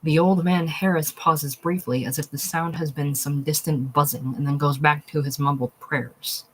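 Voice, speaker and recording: Husky reader of a play's stage directions. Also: mid-range voice, steady tone, moderate pace, rough recording. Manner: plain stage-direction reading. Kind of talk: reading a play aloud.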